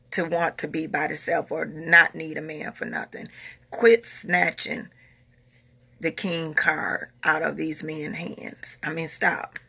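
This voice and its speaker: A woman's voice: sits low, vocal fry, sharp tone, slightly rough. A woman in her forties talking casually and emphatically, repeating herself as she answers viewer comments. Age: 40s. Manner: emphatic, repeats phrases, Southern American informal grammar. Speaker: vlogger reading viewer comments. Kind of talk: casual opinionated talk.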